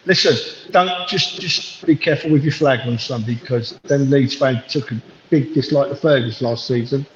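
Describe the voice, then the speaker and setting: A man calling in to a fan chat show from a train platform, talking in a warm, rambling, affectionate way. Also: mid-range voice, moderate pace, few pauses, slight background noise. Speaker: caller on a fan podcast. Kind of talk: casual chat. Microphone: phone. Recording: echoey, muffled phone call from far off.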